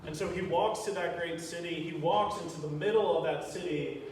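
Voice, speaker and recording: A man's voice: a little high, moderate pace. A man, a pastor, retelling a Bible story in a sermon and acting out the prayers he quotes. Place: church sanctuary. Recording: echoey church from a distance, faint hiss.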